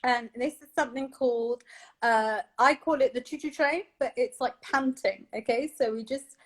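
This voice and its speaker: A woman's voice: fairly high pitch, moderate pace. A woman vocal coach guiding listeners through breathing exercises, encouraging and instructive, laughing often.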